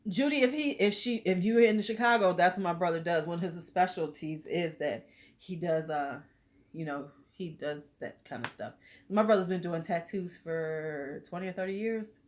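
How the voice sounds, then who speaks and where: A woman's voice: lowish voice, normal speed. Bawdy, chatty woman hosting a live stream. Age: middle-aged. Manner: chatty, loose and bawdy, laughing with commenters. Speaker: host of a live beauty chat. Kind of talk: casual live-stream chat with viewers.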